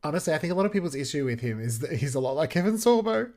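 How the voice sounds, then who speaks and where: Sarcastic podcast commentator, lively pitch. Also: rapid-fire. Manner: sarcastic, mocking. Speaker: podcast co-host. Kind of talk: casual episode commentary.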